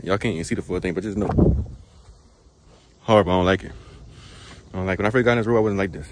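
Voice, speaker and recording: A man's voice: sits low, a little hiss or hum. A young man, a truck driver, chatting casually to his viewers while working out outdoors in a truck parking lot, out of breath, slangy and rambling, laughing at himself. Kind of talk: casual workout vlog chat.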